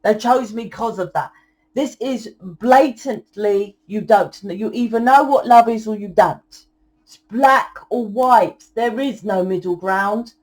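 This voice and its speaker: A young woman giving a channeled tarot reading in a forceful, blunt lecturing way, swearing often. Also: medium pitch, slow. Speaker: tarot reader.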